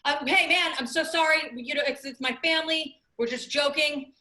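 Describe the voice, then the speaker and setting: A woman's voice: high-pitched, moderate pace, pushed and bright, pitched above the performer's own voice. A woman doing a sheepish older dad pleading. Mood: placating. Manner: pleading, placating. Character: sheepish big older father apologizing.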